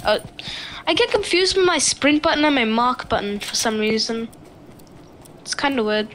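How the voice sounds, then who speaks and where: A woman's voice: on the high side, moderate pace, a little hiss or hum. A woman streaming a video game, chatting casually and thinking aloud as she plays. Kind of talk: casual gaming chat.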